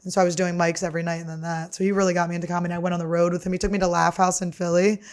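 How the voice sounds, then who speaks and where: Woman, podcast host, comedian, chatty, animated, swears a lot, casual storytelling. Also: fairly low pitch. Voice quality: chatty, swears freely, talks fast and a lot. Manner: animated, laughs through her stories.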